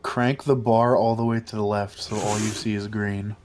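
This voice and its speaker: A man's voice: fairly low pitch, little pitch movement, moderate pace, a little mellow, slight background noise. A man playing the game and co-hosting, joking in a goofy, sarcastic way and swearing casually. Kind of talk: casual chat.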